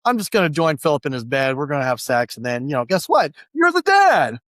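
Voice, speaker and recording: A scheming, manipulative woman, as a man reads her lines aloud in a book recap, offhand and quick as she plots. The voice is close and dry. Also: mid-range voice, lively intonation, a bit bright, no room sound, pitched below the performer's own voice, lightly acted.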